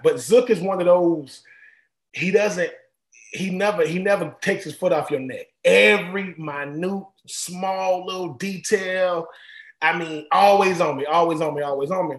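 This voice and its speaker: A man's voice: high-pitched, a little slow, echoey room. A man, a former college football player, telling stories casually and animatedly, often repeating and restarting phrases. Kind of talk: casual storytelling.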